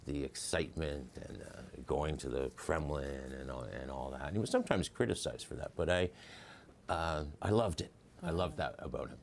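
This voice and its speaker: A man's voice: rumbling low, moderate pace, gravelly, slight background noise. A man, a historian, telling anecdotes as a guest in a news interview, chatty and often chuckling. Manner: chuckling, loose and chatty with many fillers.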